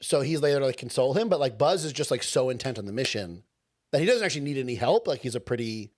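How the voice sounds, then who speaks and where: A man's voice: mid-range voice, fast talker. A man co-hosting a podcast, chatting casually about a movie, rambling with lots of "like". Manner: animated, rambling, uses filler "like" often. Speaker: podcast co-host. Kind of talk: casual movie review chat.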